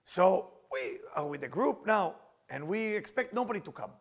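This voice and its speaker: Gravelly, lively middle-aged male teacher. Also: high voice, normal speed. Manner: animated, acts out quoted people; non-native English phrasing. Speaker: Kabbalah teacher. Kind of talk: spiritual class lecture.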